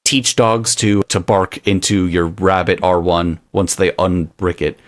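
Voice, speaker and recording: A man's voice: low voice, a little slow. A man co-hosting a podcast, talking casually and sarcastically, acting out little voices for what dogs might be thinking. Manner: animated, sarcastic, acts out dog thoughts in voices. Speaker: podcast co-host. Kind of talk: casual chat.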